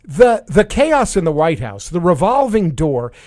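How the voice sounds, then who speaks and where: A man from New York with a New York accent, hosting a casual radio talk show in a halting way. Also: fairly high pitch, sing-song, darkish tone. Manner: halting, full of restarts and fillers. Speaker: radio host.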